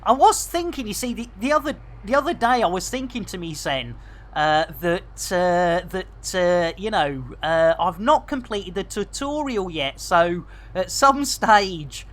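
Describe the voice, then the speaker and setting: A woman hosts a live game stream in easy, running chat, cracking jokes and throwing out slang. Her pitch sits in the middle, but it bounces around a lot as she talks. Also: animated. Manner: chatty, jokey, quick to laugh, lots of British slang. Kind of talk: casual live-stream chat while playing.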